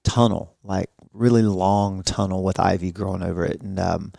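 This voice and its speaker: Gravelly-voiced man telling stories. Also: deep voice, normal speed, dry recording, clean studio sound. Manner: animated storyteller, self-mocking. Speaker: pastor and podcast co-host. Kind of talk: casual storytelling chat.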